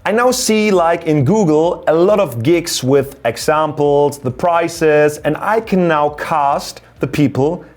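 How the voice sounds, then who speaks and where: A former radio presenter turned photography YouTuber, a man in his thirties with a German accent, explains things in an upbeat vlog. His voice is fairly high and his pace slow, with hardly any pauses, and he raises his voice for emphasis.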